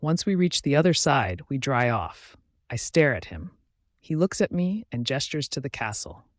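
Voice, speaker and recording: A man narrating a first-person fantasy romance audiobook in a steady storytelling voice. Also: medium pitch, moderate pace, dry recording, clean studio sound.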